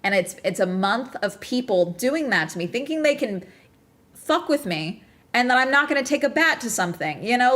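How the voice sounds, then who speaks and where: A woman's voice: on the high side, animated, moderate pace, fairly bright tone. A woman streamer in casual livestream chat, still agitated and ranting with lots of swearing and bursts of laughter.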